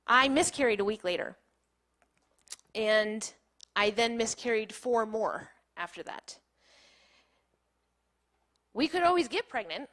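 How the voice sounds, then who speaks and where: Woman speaker in her thirties, slightly high voice, candid and chatty storytelling, laughs often. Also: lively intonation, unhurried, long pauses, a bit bright. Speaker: keynote speaker. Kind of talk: personal storytelling talk. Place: small playhouse stage.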